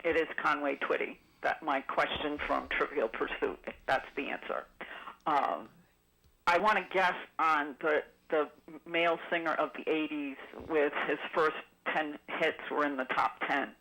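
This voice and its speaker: A woman's voice: low voice, a little slow, pushed and bright, low-quality recording. A woman calling in to a radio show, chatting at length about trivia with frequent ums. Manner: chatty, rambling trivia recall with many ums. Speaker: caller. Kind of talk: call-in radio chat.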